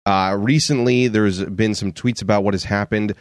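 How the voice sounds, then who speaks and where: A man hosting a casual fan podcast, chatty and quick to laugh. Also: lowish voice, steady tone, no echo, clean studio sound. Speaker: podcast host.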